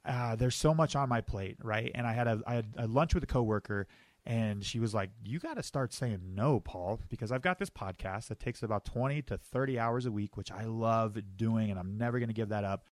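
A man's voice: lowish voice, no echo. Brief: American male podcast host, upbeat and jokey, dry close sound. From United States. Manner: upbeat, joking, quick asides. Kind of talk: casual podcast interview.

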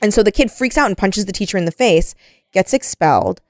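A woman's voice: mid-range voice, animated, fairly quick, dry recording, clean studio sound. A woman co-hosting a casual book discussion, chatty and using "like" constantly as she retells the plot.

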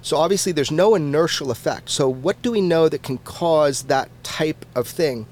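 A man being interviewed as a podcast guest, who talks in an animated and casual way, swears freely and often restarts his words. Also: a little high, normal speed.

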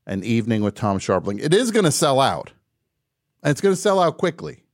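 A man hosting a live call-in radio show, wry and mock-boastful, dropping to quiet mumbles and rising to shouts. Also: medium pitch, sing-song, brisk, no echo, studio quality.

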